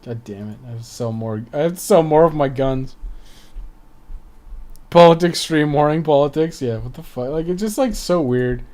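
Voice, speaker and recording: A man's voice: mid-range voice, animated, a little fast, few pauses, a little mellow. A man streaming a video game live, reading the on-screen text aloud and swearing often.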